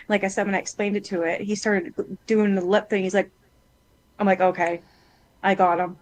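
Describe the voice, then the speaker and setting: A woman in casual chat with a friend, blunt and quick to swear, acting out what her son said as she tells it. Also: mid-range voice, level tone, poor audio. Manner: blunt, swears freely, retells her son's words.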